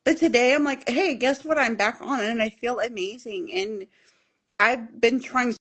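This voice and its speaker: A middle-aged woman guest in a casual interview, telling her story in an animated, openly emotional way and acting out the voices she quotes. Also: a little high, measured pace, breathy edge.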